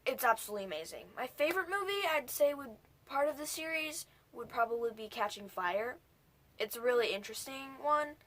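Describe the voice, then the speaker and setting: A woman's voice: sits high, expressive, a little fast, fairly bright tone. A young woman casually recapping a movie for her vlog, rambling and jumping between points with whispered asides. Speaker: movie reviewer.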